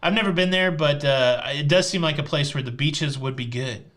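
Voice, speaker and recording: Live-stream host: man, Tennessee drawl, fairly high and bright voice, teasing deadpan jokes. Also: fairly quick. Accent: Southern US, Tennessee. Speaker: host of a live cruise show. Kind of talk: casual live-stream chat answering viewer questions.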